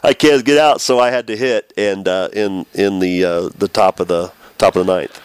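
A man, a former baseball pitcher, telling the story of a game as an interview guest, acting out what people said. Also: normal speed, clean tone, no echo. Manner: animated storyteller, acts out quotes.

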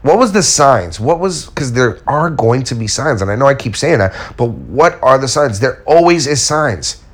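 A man's voice: medium pitch, sing-song, normal speed. Blunt man giving candid life advice. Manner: blunt, candid, storytelling with acted-out quotes. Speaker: self-help speaker. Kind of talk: casual motivational talk to viewers.

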